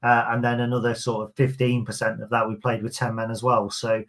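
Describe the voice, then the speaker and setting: A man's voice: medium pitch, flat delivery, fairly quick, fairly bright tone. Man, podcast host, casual chat, reads listener comments, chatty.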